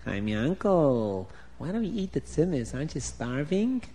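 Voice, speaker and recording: A man's voice: a little high, very animated, moderate pace. A man whispering as a sly tempting inner voice. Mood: coaxing. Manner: hushed, coaxing, tricky.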